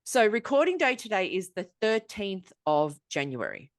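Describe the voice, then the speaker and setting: A woman's voice: mid-range voice, very animated, normal speed. A woman with an Australian accent hosting a casual podcast chat, telling a long story in an exasperated, sweary way. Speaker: podcast host.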